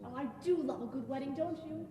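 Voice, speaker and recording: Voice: high voice, brisk, lightly acted. A student actor playing a chattering, gushing wedding guest in a school play. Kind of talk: school stage play acting. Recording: echoey hall, far-off mic, crowd.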